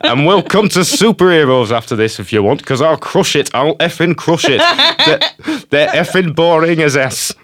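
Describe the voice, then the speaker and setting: A man doing an impression of a gruff older film director with a Yorkshire accent, blunt and ranting. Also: fairly high pitch, very animated, normal speed, fairly bright tone, pitched above the performer's own voice.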